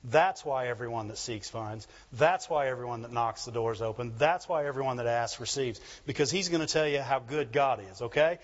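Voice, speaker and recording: A man preaching a sermon in an animated call-and-response manner, asking the congregation for agreement. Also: mid-range voice, brisk, few pauses, highs cut off. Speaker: pastor.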